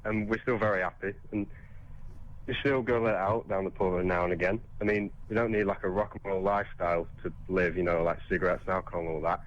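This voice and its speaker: A man in his fifties calls in to a radio phone-in, his voice sitting fairly low. The call comes through a dull, muffled phone line, and he chats along cheerfully. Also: steady tone, fast talker. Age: 50s. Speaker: caller. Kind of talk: phone-in caller chat.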